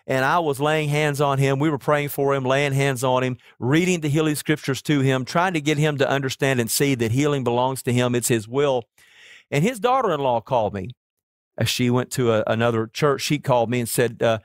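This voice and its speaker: Dry-voiced pastor preaching earnestly. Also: male voice, medium pitch, dry recording. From Oklahoma. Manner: earnest storytelling preacher, slows down to stress key words. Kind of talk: sermon.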